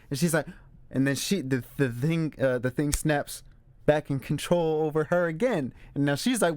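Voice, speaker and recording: A young adult man hosts his own movie show, his mid-range voice at a normal speed with no echo. He casually and animatedly retells scenes from a film, acting out the characters' quotes.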